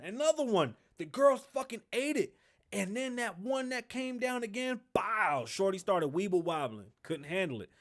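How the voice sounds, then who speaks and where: Profane, ranting male podcast host. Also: on the high side. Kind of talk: casual solo commentary.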